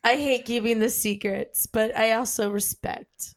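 A woman's voice: on the high side, steady tone, measured pace. A woman co-hosting a casual fan podcast, enthusiastic and gushing, laughing a lot. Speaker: podcast co-host.

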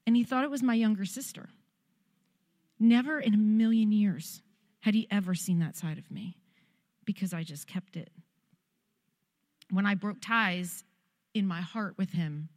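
A woman's voice: medium pitch, a little slow, long pauses, darkish tone, long reverb tail. A woman pastor preaching a sermon and telling a personal testimony in a conversational, heartfelt way.

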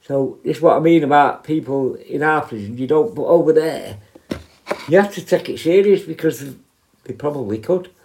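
A man's voice: a little high, normal speed, a little mellow, slight background noise. A man, a former prison officer, telling stories casually with many fillers and asides. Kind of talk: casual storytelling.

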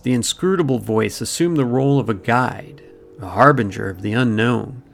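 Casual: podcast host guy reading a spooky script, solemn and measured, gravelly voice, some music under it. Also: medium pitch. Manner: ornate, solemn, measured delivery. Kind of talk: scripted dramatic narration.

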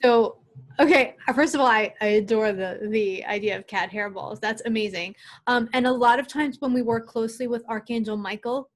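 A woman guest, a spiritual channeler, giving gentle, soothing, earnest guidance on a live call. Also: a little high, moderate pace.

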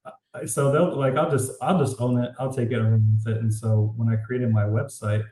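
A man tells his stories in a casual interview with lively disbelief, leaning on "like" again and again. His voice sits at a middle pitch and carries a roomy echo. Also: fairly quick. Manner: animated, says "like" often, incredulous. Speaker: author guest.

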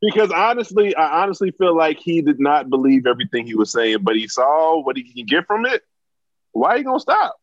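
A man's voice: on the high side, very animated, a little fast, no echo. A man arguing in a heated casual debate, emphatic and stumbling over repeated openings. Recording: dry, dull lo-fi sound.

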